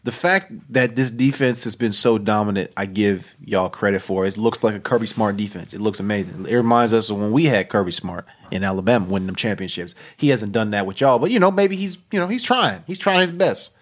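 A man co-hosting a podcast in casual sports banter, loud and teasing, laughing often. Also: on the low side, a little fast, hardly any pauses. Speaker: podcast co-host.

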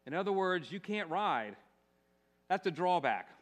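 A man voicing a wise, patient talking horse in a storybook reading, gently teasing. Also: high voice, sing-song, a little slow, pitched above the performer's own voice. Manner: gently teasing, then kind.

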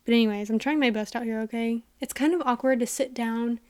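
A young woman hosting a casual solo podcast, chatty and excitable with lots of "like", a little out of breath, talking into a studio mic in a quiet room. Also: fairly high pitch, brisk, no room sound. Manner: chatty and excitable, heavy use of "like". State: a bit out of breath. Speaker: podcast host. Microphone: studio mic with headphones.

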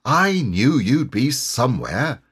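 A man playing a calm, sensible boy in a storybook reading. He talks in a slightly raised, husky voice with a lively lilt. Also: medium pitch, takes it slowly, exaggerated voice.

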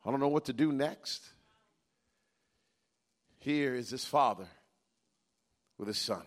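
A man preaching a sermon as pastor, moving between loud emphatic passages and hushed, intimate stretches, and slowing down to read scripture with dramatic weight. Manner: swings between loud emphatic bursts and quiet intimate lows.

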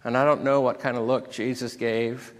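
A man delivers an emotional sermon, at a middle pitch, moving between scripture readings and heartfelt personal stories. His voice rises in intensity as he reads the passages aloud. A long reverb from the church sanctuary trails after his words. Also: flat delivery, moderate pace. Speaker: pastor.

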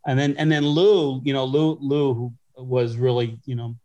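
A man's voice: mid-range voice, fairly even intonation, moderate pace, dark tone. A middle-aged man from Western New York, a podcast guest recalling his career in a rambling, conversational way full of restarts and fillers. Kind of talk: conversational storytelling.

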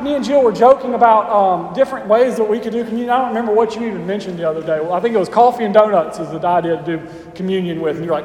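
A man's voice: sits high, expressive, brisk, reverberant, big-room sound. A man preaching a sermon as pastor, casual and conversational with playful asides to the congregation.

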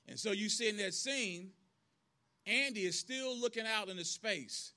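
Bright, high-voiced preacher. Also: male voice. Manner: earnest, rhythmic repetition, quick bursts. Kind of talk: storytelling sermon. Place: outdoor church service.

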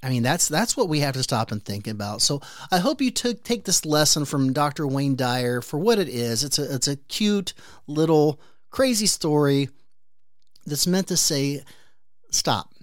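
A man hosting his own podcast, telling a personal story in an animated way and then drawing an earnest, reflective lesson from it. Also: a little high, moderate pace, dry recording, studio quality. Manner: animated storyteller who briefly acts out the neighbors' voices. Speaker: podcast host. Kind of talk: motivational storytelling monologue.

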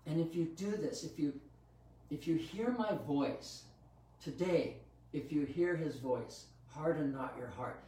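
In a very echoey room, recorded from a distance, a man with a fairly high but dark-toned voice speaks slowly. He is preaching a sermon, earnestly teaching about Scripture with some fillers and restarts.

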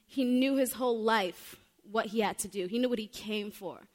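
A woman's voice: on the high side, normal speed. A young woman preaching a sermon in a heartfelt, earnest way, often saying "like" between her thoughts. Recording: long reverb of a large hall.

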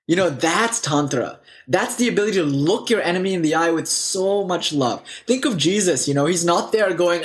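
A man with a somewhat high voice tells spiritual stories in a loose, casual way. He talks animatedly and leans on lots of fillers and asides as he goes. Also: expressive, moderate pace, hardly any pauses.

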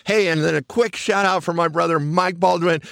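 A man's voice: a little high, fairly even intonation, vocal fry, no echo, clean studio sound. A man hosting his own podcast in an upbeat, chatty monologue, laughing at himself and correcting his slips. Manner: upbeat, chatty, quick shout-outs. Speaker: podcast host.

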